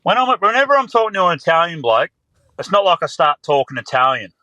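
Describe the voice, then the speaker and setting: A man's voice: a little high, big pitch swings, fast, pushed and bright, rough recording. A man leaving a crude, blokey voice message as a caller to a podcast. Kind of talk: recorded voice message.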